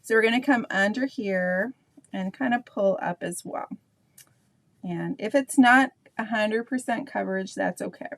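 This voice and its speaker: A woman's voice: mid-range voice, dry recording. A middle-aged woman with a Canadian accent, leading a live painting tutorial in a chatty, rambling way full of asides to her viewers. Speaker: painting instructor.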